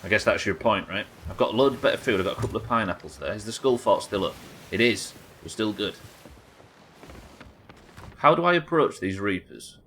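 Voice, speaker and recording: A man's voice: on the low side, expressive, a little fast, fairly bright tone, slight background noise. A young man streaming a pirate game live, chatting with viewers and swearing casually. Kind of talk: live game commentary reading chat.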